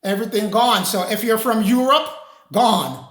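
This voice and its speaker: A religious teacher preaching a lecture, emphatic and repetitive, often rising to a shout. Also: mid-range voice, normal speed. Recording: roomy echo.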